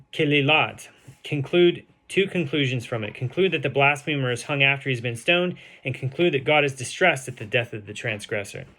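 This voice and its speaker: A man with a bright, forward voice at an ordinary pitch teaches a daily Talmud page. He reads the translated text steadily, drawing out Hebrew and Aramaic words slowly and filling pauses with ums and uhs. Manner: reads translated text aloud, slowing to sound out Hebrew and Aramaic terms, with fillers. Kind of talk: reading and explaining a Talmud page.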